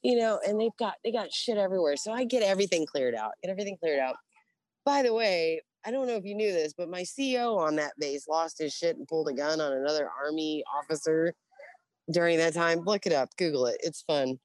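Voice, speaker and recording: Low-voiced profane woman telling war stories. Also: fairly quick, no echo. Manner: profane, blunt, animated with quoted voices. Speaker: interview guest, Navy veteran. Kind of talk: casual storytelling.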